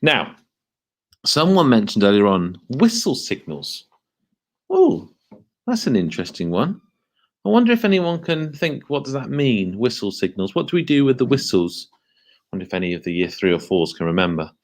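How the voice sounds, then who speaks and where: A man leading a school assembly for children, speaking in a lively, questioning way and slowing down to stress key words. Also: mid-range voice.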